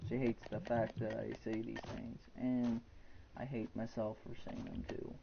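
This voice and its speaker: A man's voice: fairly low pitch, level tone, a little slow, vocal fry, dull audio, background noise. A man in his twenties chatting casually and frankly from his bedroom during a live game stream. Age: 20s. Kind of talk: casual rambling chat.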